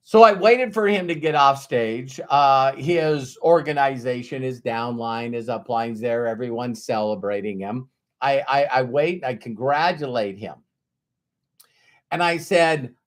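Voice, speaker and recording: A man telling a motivational story as a business trainer, in an animated, emphatic way with lots of repetition. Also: medium pitch, measured pace.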